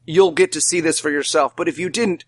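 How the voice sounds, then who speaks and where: Male co-host, high-pitched, quick profane movie-mocking banter. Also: dry recording. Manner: profane, fast riffing, slips into silly voices. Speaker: podcast co-host. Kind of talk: comedic movie-riffing banter.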